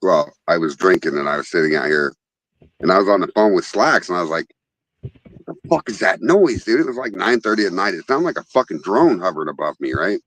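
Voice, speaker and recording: A man from Wyoming hosting a casual chat, telling stories in a loud, profane, animated way. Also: deep voice, quick pace, slight background noise, rough recording. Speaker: podcast host.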